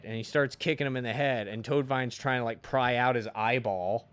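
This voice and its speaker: A man's voice: medium pitch, fairly quick, a bit bright, faint music behind. A man streaming a game and chatting casually, retelling a story in a rambling, profane way full of restarts. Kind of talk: casual chat while gaming.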